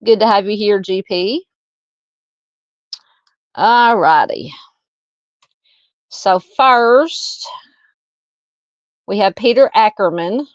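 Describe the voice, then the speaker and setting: A Southern woman with a mid-range voice hosts a true crime livestream, chatting casually and reading comments with plenty of fillers and laughs. She draws out her words, takes long pauses, and is warm toward her viewers. The recording is dry and close with no echo, on a slightly muffled, dull-sounding mic.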